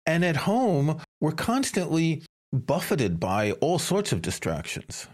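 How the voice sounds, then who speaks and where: Curious male podcast host, lively intonation. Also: on the high side, slow, breathy edge. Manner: curious, asks questions, retells jokes. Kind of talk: casual chat.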